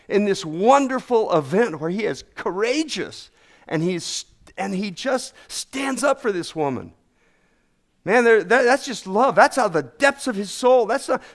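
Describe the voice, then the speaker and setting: A middle-aged male pastor delivers a sermon in a folksy, homespun manner and repeats key phrases for emphasis. His voice sits high for a man. His pitch leaps around with lively, animated swings.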